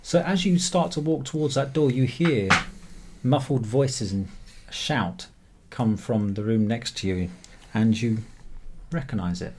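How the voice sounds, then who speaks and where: A man runs a tabletop game as game master, describing rooms and calling for dice checks. He talks in a middle pitch, stopping now and then on fillers as he builds each scene. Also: a little slow, a little mellow, slight background noise.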